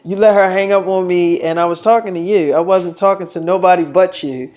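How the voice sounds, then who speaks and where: A man quoting a blunt, jealous young woman in his own slightly lower, softer voice. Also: steady tone, fairly quick, lightly acted. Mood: sassy. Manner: blunt, nagging.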